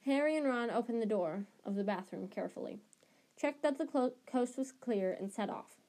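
A woman's voice: on the high side, expressive, moderate pace, warm tone. A woman reading a novel aloud chapter by chapter, often stumbling and correcting herself mid-phrase. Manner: restarts and self-corrections. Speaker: storybook reader.

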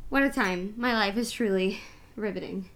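A young woman co-hosting a podcast gives a casual monologue in a mid-range voice at normal speed. She's chatty and earnest, uses lots of fillers, and sounds a little out of breath.

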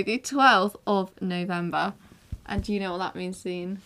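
A teenage woman hosting a casual podcast, giggly, excitable and easily flustered. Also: medium pitch, measured pace. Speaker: podcast host. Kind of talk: casual chat.

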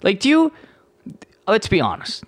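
A man's voice: high voice, wildly swooping pitch, unhurried, dry recording, clean studio sound. A young Canadian man hosting his podcast in a profane, sarcastic, rambling rant with many restarts. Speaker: podcast host. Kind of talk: casual ranting monologue.

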